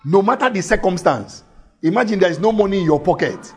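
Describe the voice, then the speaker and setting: A man preaching a sermon, reading scripture slowly and emphatically, repeating phrases and asking his listeners questions. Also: high voice, animated, breathy edge. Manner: reads scripture slowly and deliberately.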